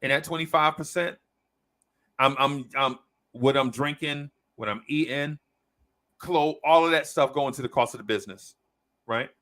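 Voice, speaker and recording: On a podcast, a male host spins a long story in casual conversation, animatedly acting out the quoted voices of the people in it. He has a mid-range voice, speaks at a moderate pace, and leaves long pauses.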